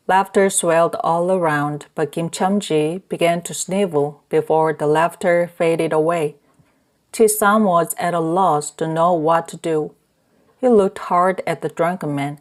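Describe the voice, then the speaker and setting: Slow, low-voiced woman narrator. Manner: slow, measured reading. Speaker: audiobook narrator. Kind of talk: scripted narration.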